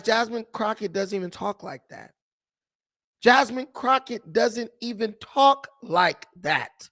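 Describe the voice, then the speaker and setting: A man's voice: very high-pitched, bright, forceful tone. A man hosting a political commentary vlog, talking in mocking, scornful asides. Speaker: commentary host.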